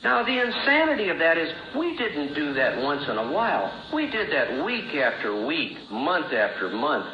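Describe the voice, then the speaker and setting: A man's voice: huge pitch swings, normal speed, few pauses, slight background noise. A middle-aged man giving an earnest personal testimony as a recovery speaker, with a storytelling manner that rises and falls. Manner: earnest storytelling, rising and falling pitch. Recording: roomy, dull old recording.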